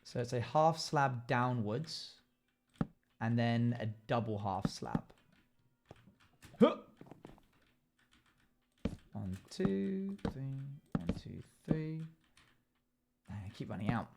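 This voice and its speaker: A young man live-streaming, chatting casually as he builds and thinking out loud while he answers chat. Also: mid-range voice, lively intonation, takes it slowly, creaky, pauses often, noisy background.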